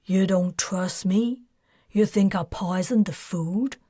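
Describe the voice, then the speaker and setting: A woman voicing Ariel, a shrewd, mocking female underworld boss with a wry, smooth manner, in an audiobook. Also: mid-range voice, slow pace, dark tone, dry recording, studio quality.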